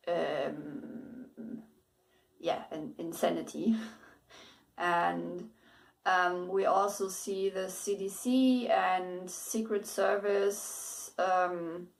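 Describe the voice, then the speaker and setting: A woman's voice: fairly low pitch, creaky. A woman with German as her first language gives a casual spoken book review, hesitant, with many fillers, restarts and bits of laughter.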